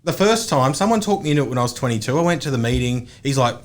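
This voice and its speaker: A man chatting on a podcast with an average pitch, telling a loose, sweary anecdote. He mimics other people in quick asides and keeps a relaxed, casual tone. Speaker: podcast co-host, real estate agent. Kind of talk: casual chat.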